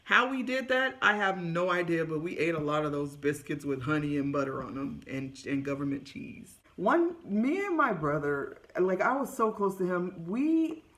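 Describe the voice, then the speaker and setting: A woman's voice: fairly low pitch, normal speed, few pauses. A woman from California telling funny childhood stories straight to the camera, laughing often and acting out what people said. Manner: laughs often, lively retelling with acted quotes. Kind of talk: casual storytelling to camera. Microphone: camera close-up.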